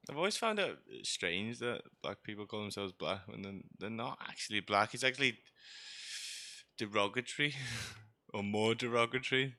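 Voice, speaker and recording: Bright-voiced chatty man. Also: fairly low pitch, expressive, measured pace, long pauses, dry recording. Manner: chatty, joking, sarcastic asides. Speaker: streamer. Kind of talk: rambling gameplay commentary.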